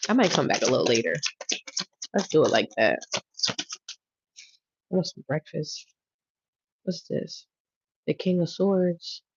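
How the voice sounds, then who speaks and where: Casual tarot livestreamer, woman, lower voice, teasing and laughing, dry lo-fi mic. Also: expressive, a little slow, pauses often, breathy edge, no room sound. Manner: laughing, drawling, teasing, repeating phrases. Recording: dry, dull lo-fi sound.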